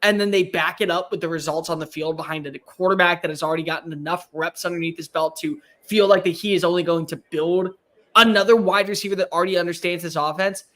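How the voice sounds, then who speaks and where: A man co-hosting a sports talk show, giving emphatic, rapid-fire opinions in a casual chat. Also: high-pitched, fairly even intonation, fairly bright tone.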